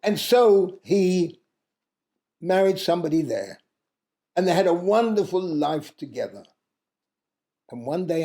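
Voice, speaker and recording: A man recounting an old folk tale with a gravelly, somewhat high voice. He takes his time and pauses between phrases. His tone is mellow, and he breaks off now and then to correct himself. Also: expressive. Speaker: storyteller. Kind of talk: oral storytelling of a traditional tale.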